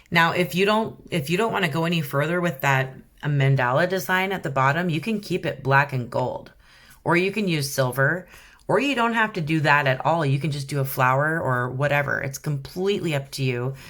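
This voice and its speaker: A woman's voice: low voice, normal speed, a bit bright. A woman from Canada with a Canadian accent, chatting casually and giggling through a painting tutorial. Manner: chatty, giggly, self-deprecating. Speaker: rock painting vlogger.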